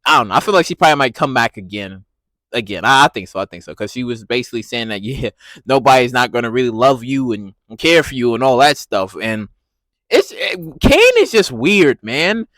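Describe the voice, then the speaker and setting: A man giving a casual, animated recap of a TV episode, laughing and repeating himself as he reacts. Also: medium pitch, a little fast, no echo. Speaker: TV recap vlogger.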